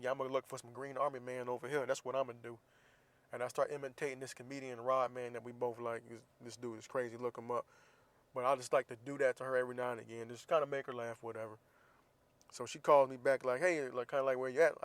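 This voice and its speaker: A man in his thirties with a US Southern accent hosts a casual podcast, his mid-range voice captured in a dry recording. He tells a teasing story, acting out the dialogue, and then offers earnest advice.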